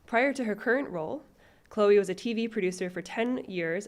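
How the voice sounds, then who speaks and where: A woman moderating a panel event, reading speaker introductions in a measured way with small restarts and fillers. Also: mid-range voice.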